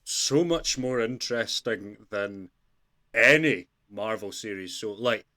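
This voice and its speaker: A man's voice: on the low side, expressive, takes it slowly, bright, forceful tone. A man in a casual podcast chat, rambling informally with slang. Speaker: podcast co-host.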